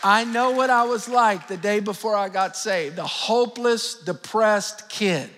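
A man's voice: sits high, unhurried, fairly bright tone, slight background noise. A middle-aged man preaching a sermon as pastor, fervent and calling out to his congregation. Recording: long hall reverb with faint music.

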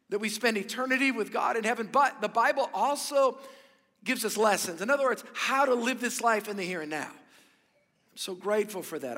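High bright-voiced guy preaching a sermon, upbeat and jokey, stumbles and repeats words, big church hall with long echo. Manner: energetic, joking, repeats words. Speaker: pastor. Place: large church auditorium.

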